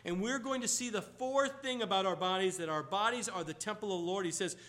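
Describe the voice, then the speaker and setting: A man's voice: high voice, fairly quick, a bit bright. A man preaching a sermon, telling stories with emphatic exclamations.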